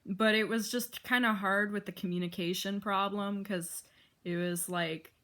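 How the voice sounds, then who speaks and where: A woman's voice: mid-range voice, steady tone, measured pace, a bit bright. A young woman vlogging in a rambling, casual way, full of filler words.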